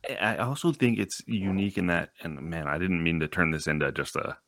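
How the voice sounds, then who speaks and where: A man's voice: low voice, a little fast, fairly bright tone, dry recording, clean studio sound. A man in his thirties hosting a casual conversation, chatty and self-deprecating, laughing easily.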